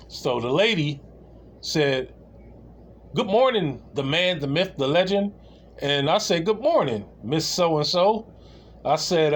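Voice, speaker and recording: A man telling a comedic anecdote in a casual, rambling way, with many restarts and laughs. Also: a little high. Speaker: storyteller.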